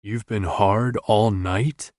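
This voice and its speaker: A man's voice: on the low side, fairly even intonation, slow pace, a little mellow, dry recording, studio quality. A man voicing a playful, curious young man who teases his partner. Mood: teasing. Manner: teasing, curious.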